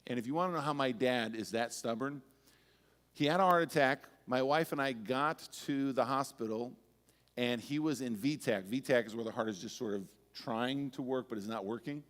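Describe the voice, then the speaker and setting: A man's voice: medium pitch, moderate pace, a bit bright. Man preaching in an echoing sanctuary. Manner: conversational, personal storytelling with humor. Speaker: pastor. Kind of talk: sermon. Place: church sanctuary. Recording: church sanctuary with long reverb.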